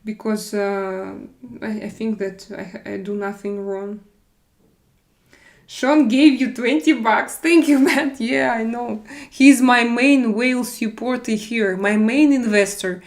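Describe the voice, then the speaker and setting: A woman with a Russian accent chatting casually on a live stream, halting and hesitant, often restarting with fillers. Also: fairly high pitch, fairly even intonation. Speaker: livestream host reading chat.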